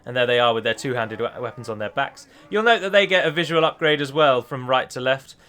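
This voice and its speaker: A man's voice: mid-range voice, animated, fairly quick, sharp tone. A man giving a chatty gameplay voice-over as a mod developer, often correcting himself as he explains.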